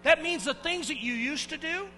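Bright, high-voiced man leading a children's sermon. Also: normal speed, a little hiss or hum. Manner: animated storyteller, swings from hushed to shouting. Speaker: children's pastor. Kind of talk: lively children's sermon with call-and-response. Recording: long hall reverb with faint music.

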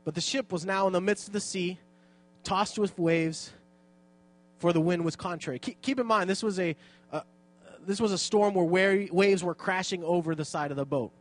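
Man, Bible study teacher, high voice, casual, joking, self-deprecating. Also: moderate pace.

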